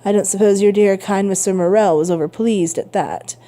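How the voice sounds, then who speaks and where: A woman's voice: mid-range voice, fairly quick, warm tone, lightly acted. A woman voicing a sly, grudging young male tailor who needles his neighbor in a storybook reading.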